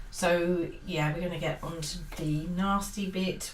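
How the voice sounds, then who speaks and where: A woman book vlogger with a fairly low voice gives a casual, earnest review monologue, speaking slowly and steadily with few pauses. She sounds hesitant, full of fillers and restarts, and is set back from the mic in a roomy, echoing space with faint hiss.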